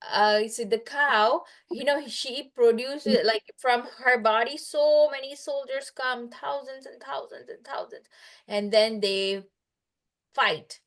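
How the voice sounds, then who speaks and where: A woman's voice: on the high side, slow pace. A woman casually telling a story to a child over a video call, chatty and full of fillers, stopping to quiz her listener.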